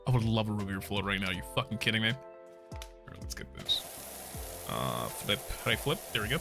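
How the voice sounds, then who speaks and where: A young man chatting casually while streaming a game, excitable and profane, laughing often and bursting into shouts. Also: lowish voice, moderate pace, gravelly. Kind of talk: casual gameplay stream chat. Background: game music.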